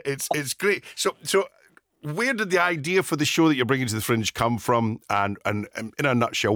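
A radio host who is eager and stumbles over his words, stammering and restarting his sentences. His voice has a lively rise and fall. The sound is close and dry, with no room echo. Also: medium pitch. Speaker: radio interviewer. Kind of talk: radio interview.

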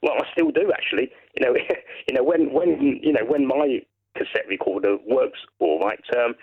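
An English man calls in to a radio show over a narrow, tinny phone line. He rambles with enthusiasm and trips over his own restarts. His voice is gravelly and a little husky, and it rises and falls a lot. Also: medium pitch, lively intonation, normal speed. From England. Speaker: caller. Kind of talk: casual chat on a radio phone-in.

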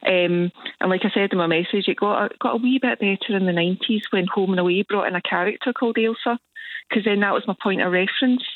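A woman's voice: medium pitch, fast talker, slight background noise. A woman with a Scottish accent calling in to a radio show, chatty and amused. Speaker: caller. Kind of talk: phone-in chat. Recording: tinny phone line.

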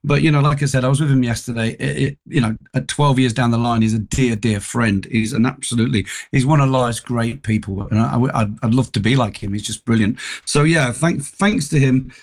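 A man chats as a radio guest, his voice at an ordinary middle pitch. He tells stories in a loose, anecdotal way, often restarting his sentences. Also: fairly quick, few pauses. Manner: chatty anecdotal storyteller, frequent restarts. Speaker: tribute act singer and guest. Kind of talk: casual radio interview chat.

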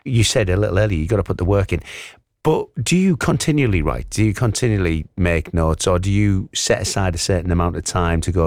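A man's voice: low voice, expressive, a little fast, a little mellow, no room sound. A man hosting a radio interview, enthusiastic and chatty with his guest. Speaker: radio presenter.

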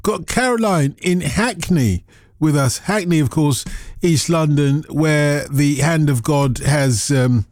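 A man's voice: fairly high pitch, slow, a little mellow, no echo, clean studio sound. A man hosting a radio phone-in, chatting casually and teasing his callers.

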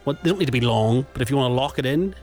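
Male radio host, mid pitch, relaxed banter, faint music bed. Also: very fast. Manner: chatty, laughs easily. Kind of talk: casual radio chat.

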